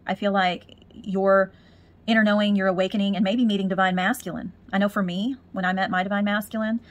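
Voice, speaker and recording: A woman's voice: mid-range voice, flat delivery, fairly quick, lo-fi sound. A woman giving a spiritual tarot reading, talking in a musing way and repeating words as she searches for messages. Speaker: tarot reader.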